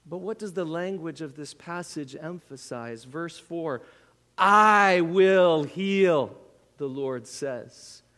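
A man with a high voice delivers a sermon at an unhurried pace. He is earnest, rising into impassioned appeals and sinking to near whispers. His voice rings with the long reverb of a large church hall. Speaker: pastor.

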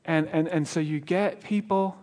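A man's voice: fairly high pitch, fairly even intonation, normal speed, darkish tone. A man preaching as a guest speaker, telling a joke story with chuckles and stumbling restarts. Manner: storytelling with laughs and repeated restarts. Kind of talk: sermon. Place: church.

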